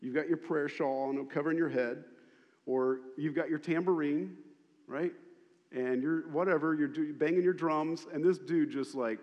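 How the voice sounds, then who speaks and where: Man, pastor, sermon, animated repeating storyteller, reverberant hall. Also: a little high, moderate pace, muffled recording.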